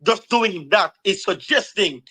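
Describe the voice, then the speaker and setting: A man's voice: high-pitched, lively intonation, unhurried, bright, forceful tone, husky, rough recording. A man with a Jamaican accent, a regular panelist, arguing emphatically and laying out his reasons one by one. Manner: lays out numbered reasons, emphatic. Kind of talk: casual panel debate.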